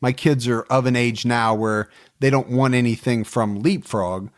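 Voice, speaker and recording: A man in his forties co-hosting a true-crime podcast, telling the case in a relaxed, joking way with plenty of fillers. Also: mid-range voice, normal speed. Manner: storytelling, joking, many fillers. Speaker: podcast co-host.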